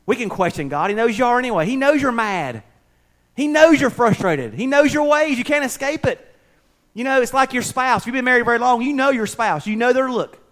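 Pastor guy preaching, high voice, goes big then drops real quiet, folksy, restarts a lot. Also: lively intonation, a little fast. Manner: swings from loud preaching to soft, near-whispered asides; folksy, conversational, with slips and restarts. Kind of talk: sermon.

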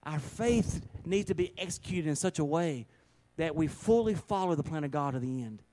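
A man's voice: on the high side, animated, normal speed, warm tone. A man preaching a sermon, telling stories in an emphatic, folksy way and repeating phrases for stress.

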